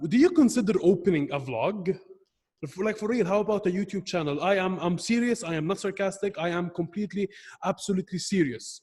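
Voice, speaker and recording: A young man evaluating a club member's speech on a video call, earnest and halting, often restarting his words. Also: high voice, darkish tone, slightly rough, in a large hall.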